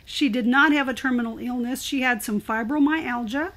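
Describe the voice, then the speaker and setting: An older woman with a high-pitched voice tells her story as an interview guest at a moderate pace. She's animated and expressive, speaking in a casual, conversational way.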